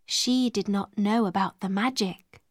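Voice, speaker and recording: A woman reading a children's storybook aloud in a clear, measured way. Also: mid-range voice, no echo, clean studio sound. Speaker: narrator.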